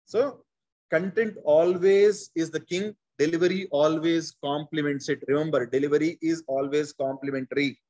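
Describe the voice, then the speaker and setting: Leading a conversational public speaking workshop, this forties-aged man speaks with an Indian English accent at a moderate pace. His slightly high, husky voice is animated, and he keeps restating key points while calling on people in the audience.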